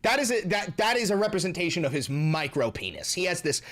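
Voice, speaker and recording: A man's voice: sits high, big pitch swings, quick pace, a bit bright. A man hosting his stream, giving casual news commentary with profane, indignant ranting and mocking asides. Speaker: streamer and host.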